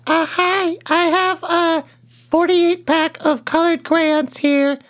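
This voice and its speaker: A dim, fretful caller on a comedy radio bit, put on by a woman. The voice is pitched high and hesitant, and the caller keeps repeating the same question. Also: flat delivery, slow. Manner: hesitant, asks questions over and over.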